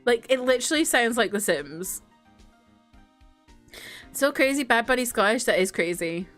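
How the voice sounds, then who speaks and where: A chatty woman streamer with a high, bouncy voice that swings up and down a lot. She laughs easily through her casual game commentary. Soft game music plays quietly underneath. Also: expressive, moderate pace. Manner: giggly and chatty, laughing often. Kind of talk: casual let's-play commentary.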